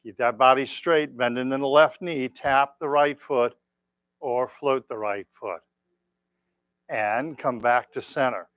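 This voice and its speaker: Guy calmly talking a tai chi class through slow moves, slow talker, dry close sound. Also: medium pitch, dry recording. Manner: calm, counting out moves slowly. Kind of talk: leading an exercise class. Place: exercise class room.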